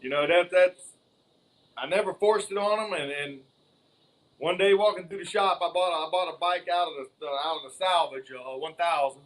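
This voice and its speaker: A man's voice: a little high, moderate pace, fairly bright tone, poor audio. A man from near Baton Rouge with a Southern Louisiana drawl, telling his story at an easy pace with lots of "uh" fillers. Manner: easygoing storyteller, hesitant fillers. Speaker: guest, racing father.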